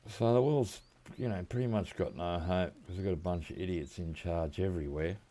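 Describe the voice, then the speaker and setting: A man's voice: low voice, a little fast, warm tone. A middle-aged Australian man chatting casually and rambling while he plays a hunting game, with a laid-back manner and frequent chuckles. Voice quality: laid-back rambling, chuckling often, slang like mate and reckon. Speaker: gaming streamer. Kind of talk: casual gameplay chat.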